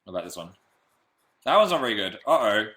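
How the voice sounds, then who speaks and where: A man's voice: fairly low pitch, sing-song, quick pace, bright, forceful tone, slight background noise. A young man from England hosting a casual live stream, chatting playfully and reading out viewer comments.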